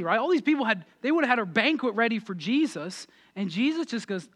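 A male pastor delivers a lively sermon in a strikingly high voice. His tone is bright and forceful, and he swings between loud, excited passages and hushed, quiet asides. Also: brisk, few pauses.

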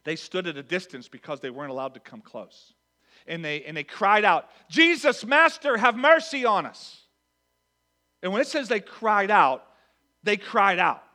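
Male pastor, sermon, high bright voice, shifts between soft asides and loud quotes. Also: moderate pace. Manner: animated, swings from hushed to loud acted quotes. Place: church with congregation.

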